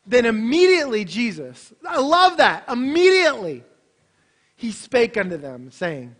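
Animated male preacher with a very high voice, shifting between loud emphasis and hushed delivery. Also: moderate pace. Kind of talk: sermon.

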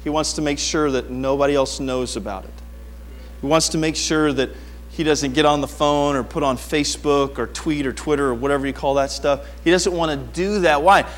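A middle-aged man preaching a sermon, telling stories with animated swings from quiet asides to near-shouting. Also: on the high side, moderate pace, slight background noise. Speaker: pastor.

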